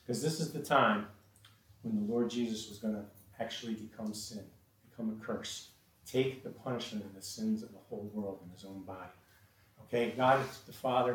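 A man preaching a sermon, emphatic and repetitive, often restarting his sentences with fillers. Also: lowish voice. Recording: roomy echo, distant mic, faint noise.

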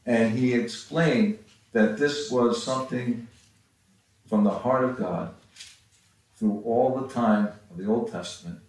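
A man giving a halting Bible-teaching sermon, with frequent restarts and pauses. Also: medium pitch, a little mellow. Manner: halting, many restarts and fillers. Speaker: preacher. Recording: far from the mic in a very echoey room.

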